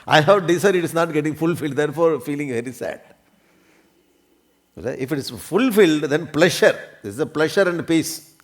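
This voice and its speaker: A man's voice: a little high, lively intonation, normal speed. A man teaching a spiritual discourse, often checking that listeners follow and coughing now and then. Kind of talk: religious discourse.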